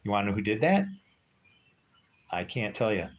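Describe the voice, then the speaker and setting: A man's voice: on the low side, very animated, moderate pace, a little hiss or hum. A man chatting casually with livestream viewers from a porch at dusk, rambling and joking with frequent chuckles.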